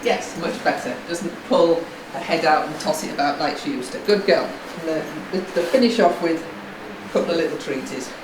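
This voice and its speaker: Her voice low and her pace moderate with few pauses, a horse-owning vlogger offers casual commentary while training her young horse in a stable yard, mixing quick praise, commands and asides to the camera. She's recorded from a distance in reverberant, noisy conditions.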